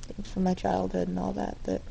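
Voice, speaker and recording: Young woman, dorm-room video diary: slow, rambling and candid, dark gravelly tone. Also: medium pitch, completely flat delivery, a little hiss or hum, rough recording. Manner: rambling and candid, with frequent fillers and self-corrections. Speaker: vlogger.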